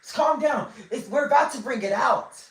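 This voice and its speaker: A man voicing nervous human servants who plead with an angry king to calm down. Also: extremely high pitch, normal speed, creaky, reverberant, recorded from a distance, pitched above the performer's own voice, low-quality recording. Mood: placating.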